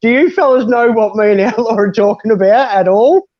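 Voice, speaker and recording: A man's voice: sits high, a little fast. An Australian man from Western Australia hosting a casual chat, rambling, swearing constantly and laughing often. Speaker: host. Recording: dull lo-fi sound.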